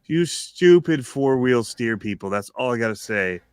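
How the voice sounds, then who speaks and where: A man's voice: medium pitch, animated, moderate pace, clean tone, dry recording, clean studio sound. A man co-hosting a live stream, teasing his friend in sarcastic casual banter. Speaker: co-host of a live stream show.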